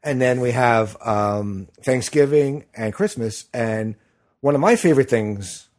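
A man's voice: medium pitch, animated, a little slow, a little mellow. A middle-aged man hosting a podcast in casual chat, rambling with lots of fillers and restarts. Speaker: podcast host.

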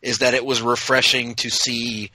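A man co-hosting a casual TV recap chat, talking enthusiastically in quick bursts with frequent restarts. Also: medium pitch, little pitch movement, pushed and bright, no echo, poor audio. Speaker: podcast co-host.

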